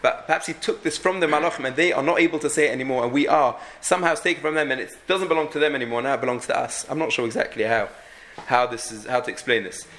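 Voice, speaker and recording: A man's voice: medium pitch, fast talker, fairly bright tone. A man teaching a halachic lesson, thinking aloud with frequent restarts and many Hebrew and Yiddish terms. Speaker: Torah teacher.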